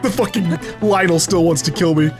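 A man's voice: a little high, normal speed, over music. A man giving gameplay commentary, swearing freely and yelping and laughing in panic. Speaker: let's play host.

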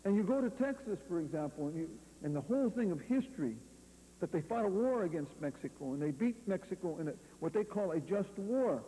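This guest lecturer from California talks a little fast in a high-pitched, animated, warm voice, wandering through anecdotes and tossing out rhetorical questions and "you see." The university hall recording is reverberant, with a faint hum and poor quality.

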